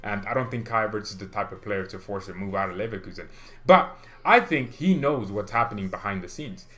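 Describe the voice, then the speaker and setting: Low-voiced excitable football vlogger. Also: male voice, brisk. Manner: excitable, rambling, thinks aloud with rhetorical questions. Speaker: host of a football fan channel. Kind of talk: casual vlog commentary.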